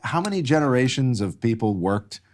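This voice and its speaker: A man as a guest in a casual chat over drinks, talking in an animated, joking, emphatic way. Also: medium pitch, moderate pace, slight background noise. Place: studio set. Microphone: lapel mic.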